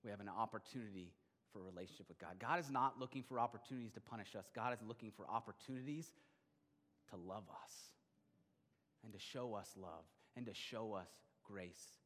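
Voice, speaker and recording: A middle-aged male pastor delivering a sermon, swinging between loud emphatic bursts and quiet, intimate stretches. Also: on the low side, a little fast. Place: church sanctuary. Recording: long hall reverb.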